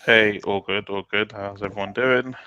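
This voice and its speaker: Deep, bright-toned easygoing man. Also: steady tone, moderate pace, lo-fi sound. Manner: easygoing, laughing. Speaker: podcast guest. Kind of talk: casual chat.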